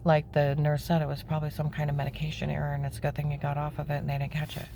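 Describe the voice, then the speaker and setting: Woman telling her own story, kinda low voice, gets worked up and goes way up high, keeps saying okay?. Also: monotone, very fast, gravelly, background noise. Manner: emphatic and indignant, voice climbing high when upset; plain-spoken, with frequent "okay?" asides. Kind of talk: personal testimony, candid storytelling.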